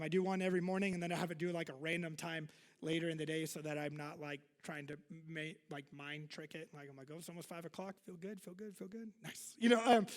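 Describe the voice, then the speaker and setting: A man's voice: on the high side, in a large hall. A male pastor giving a casual sermon to his congregation, chatty and self-deprecating, full of fillers and asides. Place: church hall.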